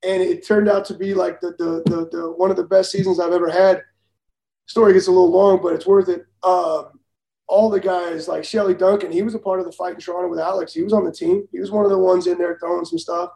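Man, 40s, ex-pitcher storyteller: mellow, gravelly, animated, acts out quotes. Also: brisk. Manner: animated, acts out quoted dialogue, laughs through stories. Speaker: former baseball pitcher, guest. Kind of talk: casual storytelling. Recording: roomy echo.

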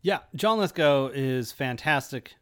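A man's voice: medium pitch, lively intonation, unhurried, clear, resonant tone. A man co-hosting a podcast, talking casually and thinking aloud. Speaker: podcast co-host. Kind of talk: casual chat.

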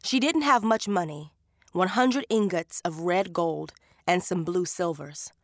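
Slow, gravelly woman narrator. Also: on the low side, no room sound, clean studio sound. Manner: measured, unhurried. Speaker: audiobook narrator. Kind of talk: scripted story narration.

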